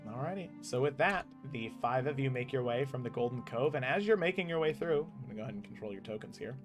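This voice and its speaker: A man's voice: mid-range voice, lively intonation, fast, faint music behind. A man narrating as game master in a tabletop game, chatty with many ums and frequent laughs.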